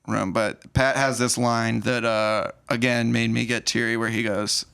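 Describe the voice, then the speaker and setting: A man hosting a podcast, retelling a romance film in an animated, openly sentimental way. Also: mid-range voice, unhurried, creaky, smooth. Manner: animated storyteller, acts out movie lines. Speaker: podcast host. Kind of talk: casual movie recap chat.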